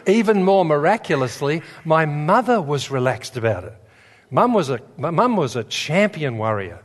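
A man's voice: on the high side, very animated, moderate pace. A man preaching a sermon in a church, telling stories with humor and building to fervent emphasis. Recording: long reverb in a large hall.

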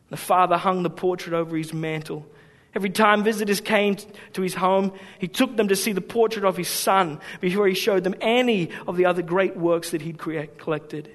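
A male pastor preaching a sermon with storytelling, swinging from hushed to emphatic. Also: sits high, moderate pace. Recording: long hall reverb.

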